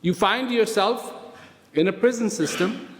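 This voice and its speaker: A man giving a motivational talk to prison inmates, speaking slowly and deliberately and asking many rhetorical questions. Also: sits high. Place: prison hall. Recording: reverberant hall.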